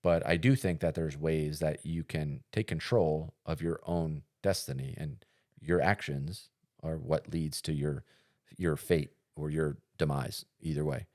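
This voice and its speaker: A man with a very low voice talks casually on a podcast, wandering through his thoughts with plenty of fillers and false starts. He tells a story in an easygoing, conversational way. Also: steady tone, measured pace, a little mellow. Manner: rambling, storytelling with many fillers and restarts. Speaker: podcast co-host.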